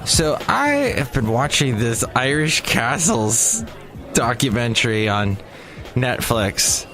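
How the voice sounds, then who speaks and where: A man's voice: medium pitch, very animated, takes it slowly, sharp tone, soft background music. A tired man hosting his daily comedy podcast early in the morning, rambling jokily on his own. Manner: rambling, jokey, slips into silly voices. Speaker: podcast host. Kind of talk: solo comedy podcast monologue.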